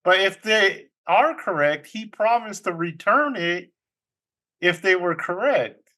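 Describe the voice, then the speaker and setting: A man hosting a casual group podcast, telling puzzles to his friends in an unhurried way and laughing often. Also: high voice, animated, sharp tone. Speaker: podcast host.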